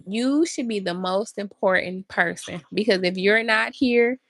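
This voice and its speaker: A woman hosts a motivational podcast and speaks earnestly and directly to her listeners. Her voice has a slightly gravelly texture. It sounds close and dry, with almost no room sound. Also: medium pitch, a little slow, fairly bright tone, dry recording. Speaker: podcast host. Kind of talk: motivational talk.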